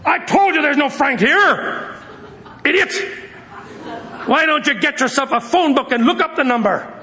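A man voicing an enraged grown man who yells insults down the phone. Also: very high voice, lively intonation, unhurried, voice pushed up, exaggerated voice. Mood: irritated. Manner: yelling insults.

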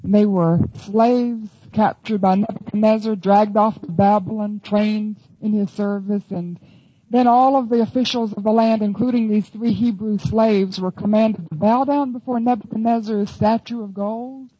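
A woman's voice: medium pitch, fairly even intonation, moderate pace, dark tone, breathy edge, muffled recording. A woman teaching the Bible in an earnest, emphatic sermon.

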